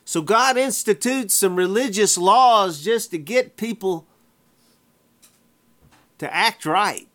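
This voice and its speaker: A male preacher delivering a sermon at an unhurried, deliberate pace. His voice sits a little higher than most men's, and he hammers points home by repeating his phrases. The wording is plain and folksy. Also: a bit bright.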